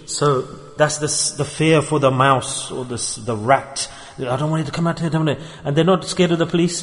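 A man giving a sermon in a mosque, telling stories and acting out the voices of the people in them. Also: a little high. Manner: storytelling, acts out quoted voices. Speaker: religious teacher. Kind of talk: sermon with acted examples. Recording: long hall reverb.

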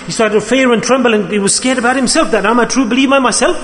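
High-voiced man preaching in a reverberant hall. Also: quick pace, hardly any pauses, a bit bright. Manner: impassioned, rises and falls in emphasis, quotes figures in his own voice. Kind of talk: sermon storytelling.

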